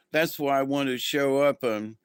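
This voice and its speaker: A man's voice: medium pitch, takes it slowly, clear, resonant tone, dry recording, studio quality. A man hosting a casual spiritual livestream, talking to viewers in a rambling, easygoing way with many ums and restarts. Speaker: spiritual channel host.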